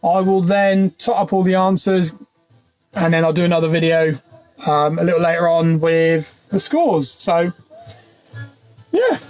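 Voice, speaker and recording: A man hosting a casual pub quiz livestream from inside his van, talking into his phone and greeting viewers by name. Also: sits high. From United Kingdom. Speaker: quiz host.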